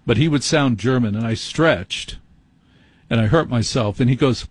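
A man's voice: medium pitch, moderate pace, slightly rough, no echo. A man hosting a late-night call-in radio show, telling a rambling, self-deprecating story. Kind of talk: rambling comic monologue. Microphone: studio microphone.

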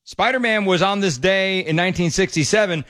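A man's voice: sits high, fairly quick, fairly bright tone. A man hosting a talk radio show, opinionated and laughing often. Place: radio studio.

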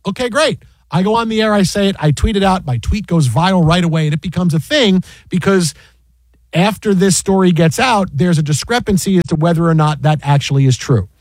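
Man host, casual storytelling; quick, exasperated, fairly high voice, dry sound. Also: no room sound. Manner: animated, exasperated retelling with many restarts.

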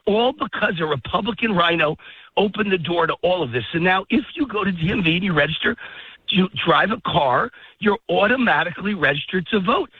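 Breathless from a dog walk in the park, a man rants hotly as a phone-in guest on political talk radio. His voice sits high, expressive and a little fast with a breathy edge, heard over a tinny line with no echo.

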